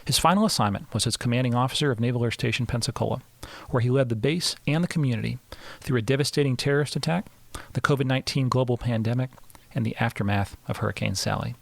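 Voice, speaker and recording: A man's voice: mid-range voice, fast talker, vocal fry, hardly any pauses, dry recording. A man hosting a podcast, reading a scripted introduction and interviewing a guest. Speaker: podcast host.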